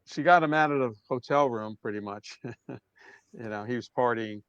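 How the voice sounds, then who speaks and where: Older man, New York accent, relaxed storyteller, smooth resonant voice, dry close sound, slightly dull lo-fi audio. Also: medium pitch, moderate pace, no echo. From Brooklyn, New York. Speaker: drummer guest. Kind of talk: casual interview storytelling.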